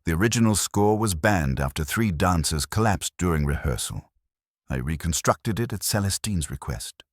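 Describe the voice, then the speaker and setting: A man's voice: low-pitched, lively intonation, moderate pace, dry recording, studio quality. A man voicing a blunt, cynical female choreographer from a ballet company.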